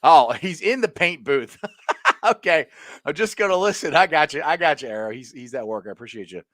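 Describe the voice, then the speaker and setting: A man hosts a sports show, chatting loosely, laughing and reading viewer comments aloud. His voice is a little high and swings a lot in pitch, recorded close and dry. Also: expressive, fairly quick, fairly bright tone, no echo. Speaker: podcast host. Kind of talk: casual sports chat.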